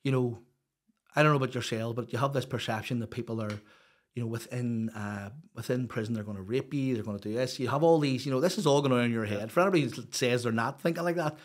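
A middle-aged Northern Irish man tells his stories in a loose, rambling way. He is blunt, swears freely and fills his talk with fillers. His voice sits at an ordinary middle pitch. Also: fast. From Northern Ireland. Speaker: guest. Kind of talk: casual storytelling chat.

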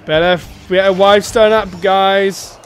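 High, excitable young man gaming. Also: a little slow, slight background noise. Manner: excitable, yelps and laughs in panic. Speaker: gameplay streamer. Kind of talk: co-op gameplay commentary.

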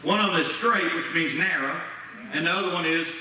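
A man preaches briskly as pastor, his fairly high voice carrying a sharp tone. He speaks in a folksy, plain way with Southern-style grammar, posing questions to the congregation. The church sanctuary sounds echoey and far from the mic, with faint noise.

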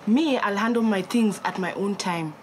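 A woman's voice: medium pitch, normal speed, a little hiss or hum, lightly acted. A woman playing a pleading, guarded woman. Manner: pleading, brushing off help. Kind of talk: TV drama acting.

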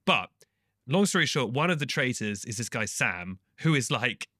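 A man co-hosting a casual chat podcast, playful and quick to act out moments. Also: medium pitch, no room sound, clean studio sound. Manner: playful, animated, mimics others in bursts. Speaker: podcast co-host.

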